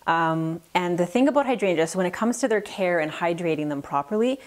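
A woman's voice: lowish voice, lively intonation, a little fast. A woman florist giving a friendly, practical step-by-step demonstration at her work table, sharing tips as she goes. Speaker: florist instructor. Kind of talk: demonstration tutorial. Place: flower shop work table.

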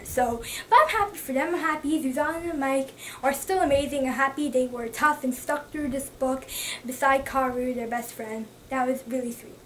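A young woman gushing excitedly about a book in a casual review, full of fillers. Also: sits high. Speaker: book vlogger. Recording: slightly distant mic with faint background noise.

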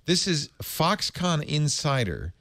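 A man in his fifties hosting a casual panel chat, chatty and quick to laugh and react. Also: a little high, big pitch swings, fairly bright tone. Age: 50s. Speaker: host.

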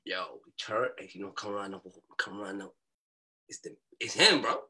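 A young man telling a story as a podcast guest, in animated street talk and acting out what people said. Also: on the low side, normal speed, slightly rough. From New York.

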